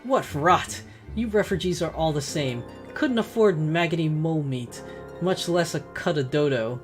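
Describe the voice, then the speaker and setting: Woman putting on a loud bullying merchant man. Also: deep voice, moderate pace, soft background music, close to an everyday voice. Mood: angry. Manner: blustering, threatening. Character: bullying arrogant male merchant.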